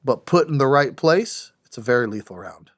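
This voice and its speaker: A middle-aged American man, once a soldier, appears as a podcast guest and tells his story candidly in a halting way, full of restarts and fillers. His mid-range voice has lively intonation, recorded cleanly in a podcast studio with no room sound.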